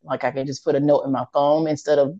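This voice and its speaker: A woman's voice: low-pitched, level tone, fast, mellow, dry recording, lo-fi sound. A woman co-hosting a podcast who talks candidly and reflects on herself in casual chat. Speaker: podcast co-host.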